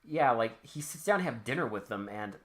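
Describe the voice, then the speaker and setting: A man's voice: medium pitch, expressive, fairly quick. A man co-hosting a podcast, recapping a movie in casual chat, swearing freely and acting out the characters' lines. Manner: profane, joking, acts out characters' lines. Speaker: podcast co-host.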